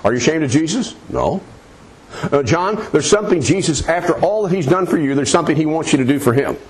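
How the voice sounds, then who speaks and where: A man's voice: a little high, animated, quick pace. A man preaching, leading a listener through a prayer in an earnest, coaxing, repetitive way. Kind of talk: soul-winning demonstration.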